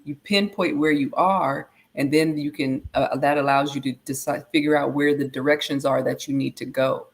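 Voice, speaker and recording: A woman with a notably low voice co-hosts a casual talk. She explains at length, circling back and restarting phrases as she builds her point. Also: steady tone, moderate pace, hardly any pauses. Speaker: co-host.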